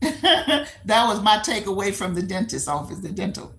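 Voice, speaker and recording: A woman's voice: mid-range voice, big pitch swings, moderate pace, gravelly, fairly bright tone, slight background noise. An older woman hosting a late-night live-stream chat, telling stories animatedly, acting out the voices she quotes and laughing often.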